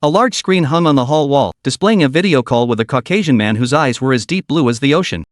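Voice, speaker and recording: Male narrator, dramatic audiobook reading, lively intonation, dry close mic. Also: medium pitch, brisk, no echo.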